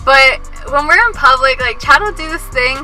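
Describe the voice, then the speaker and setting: A twenty-year-old woman chats through a couple's Q&A with a high, very bright voice. She giggles often and keeps saying "like". Faint music plays underneath. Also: moderate pace, poor audio. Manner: giggly, heavy use of "like". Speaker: co-host of couple's channel. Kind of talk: casual Q&A chat.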